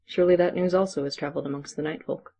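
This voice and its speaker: A storyteller voicing an ancient, brooding male night creature who speaks in formal, measured sentences. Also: mid-range voice, fairly even intonation, warm tone, lightly acted.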